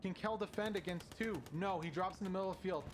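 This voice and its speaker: A man casting a competitive online shooter match as play-by-play commentator, quick and conversational, climbing in pitch when the action heats up. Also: a little hiss or hum. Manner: excited, rising sharply at big plays. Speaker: shoutcaster.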